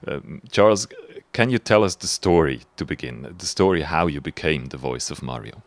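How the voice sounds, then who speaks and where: A male interviewer with a very low voice asks his questions in a measured, slightly hesitant way. The recording is dry, with no room sound around him. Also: expressive, no room sound.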